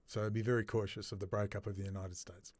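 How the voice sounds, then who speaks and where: A man's voice: fairly low pitch, flat delivery, fast, darkish tone. A man talking straight to his camera in a ranting monologue, agitated and swearing. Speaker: video blogger.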